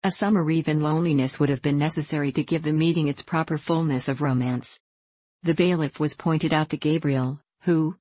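A woman narrating a classic novel in a measured reading voice, voicing each character with small shifts. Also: sits low, a little mellow, no echo. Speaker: audiobook narrator.

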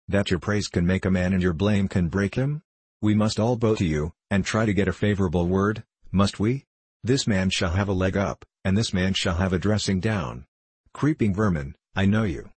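A man's voice: sits low, a little mellow, slightly rough, dry recording. A man voicing a sarcastic, blustering older professor in an audiobook reading. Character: irascible older male professor, short and powerful.

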